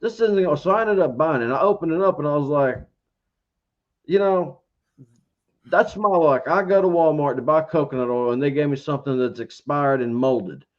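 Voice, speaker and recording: A man's voice: fairly high pitch, moderate pace. A man from Georgia tells a long, rambling story in an easygoing interview chat. He keeps acting out what he thought at the time. The recording sounds a little dull and lo-fi. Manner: rambling storyteller, acts out his own past thoughts. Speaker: interview guest, beard reviewer.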